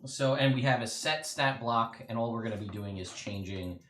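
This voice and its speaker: Streamer, casual chat, thinking aloud, mid pitch, echoey room. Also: normal speed, a bit bright, slight background noise. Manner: chatty, thinking aloud with fillers. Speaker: streamer and player. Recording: roomy echo.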